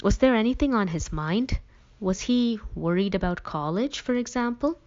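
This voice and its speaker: A woman's voice: medium pitch, expressive, moderate pace, darkish tone, voice pushed up, lightly acted. A woman voicing a male police officer, professional and kindly condescending. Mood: calm. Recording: dull lo-fi recording.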